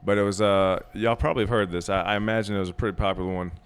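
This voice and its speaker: A man's voice: lowish voice, fairly even intonation, rapid-fire, smooth. A man on a casual comedy podcast, telling a long joke in a rambling, hesitant way. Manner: rambling, hesitant storyteller with fillers.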